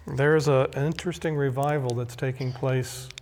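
A male pastor preaching a sermon, emphatic and deliberate, repeating key phrases. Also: mid-range voice, steady tone, a little mellow, a little hiss or hum. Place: church sanctuary. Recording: long hall reverb.

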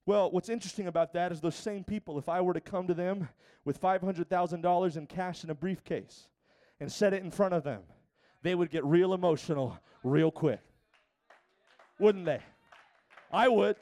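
A male pastor preaching a sermon, rising from quieter asides to shouted exhortations. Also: high voice, moderate pace.

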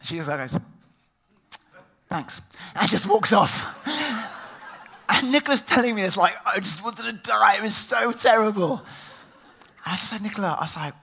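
A man's voice: high-pitched, lively intonation, brisk, creaky, pushed and bright, husky. A middle-aged man preaching a sermon, telling stories and acting out the voices of the people in them. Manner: storytelling, acts out quoted voices. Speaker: pastor.

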